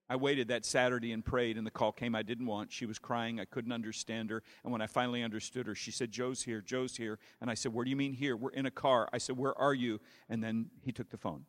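A male preacher telling a story in a sermon, with dramatic swings from hushed to loud. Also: medium pitch, little pitch movement, fairly quick, hardly any pauses, long reverb tail.

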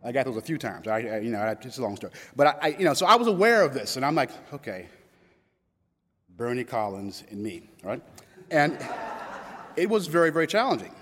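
A man's voice: a little high, very animated, fast talker, fairly bright tone, breathy edge. A man of about fifty from Louisville, Kentucky, telling a personal story in a conversational way, restarting often and quoting others. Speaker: public speaker. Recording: long hall reverb.

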